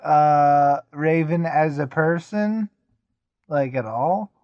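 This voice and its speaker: High-voiced man on a dull lo-fi mic. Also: slow pace, no echo. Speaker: podcast co-host. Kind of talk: casual anime review chat.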